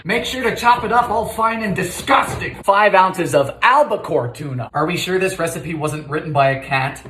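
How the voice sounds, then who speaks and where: A man hosting a comedic cooking video in his home kitchen, firing off theatrical deadpan quips. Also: fairly high pitch, reverberant.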